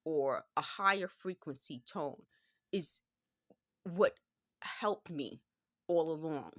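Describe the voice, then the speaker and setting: Speaking slowly in a low voice, a New York woman in her fifties wanders through a vlog monologue, circling back and frequently stopping to fix what she just said. The sound is clean studio audio with no echo.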